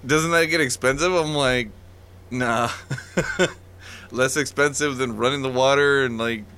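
A man's voice: mid-range voice, steady tone, slow pace, pushed and bright, smooth. A man in his thirties telling stories in a casual chat, laid-back, swearing and laughing.

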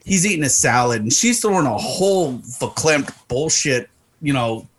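A man telling a story in casual chat, profane and animated, acting out the people in it. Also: medium pitch, moderate pace, slight background noise. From Arizona. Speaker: podcast co-host.

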